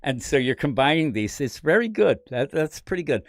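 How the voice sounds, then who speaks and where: A man hosting a podcast, talking casually about comics in an animated, rambling way with frequent laughs. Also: a little high, a little fast, no room sound, clean studio sound. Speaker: podcast host. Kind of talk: casual comic book chat.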